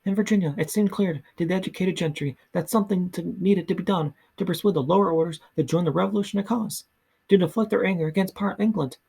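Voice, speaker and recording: A man reading a history book aloud in a soft ASMR style, slow and halting, often stumbling and restarting words. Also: high voice, creaky, husky. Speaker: ASMR reader.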